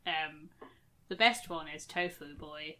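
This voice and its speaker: A woman's voice: deep voice, takes it slowly, sharp tone, slight background noise. A woman who is a player on a tabletop game podcast, explaining things in friendly, enthusiastic casual chat.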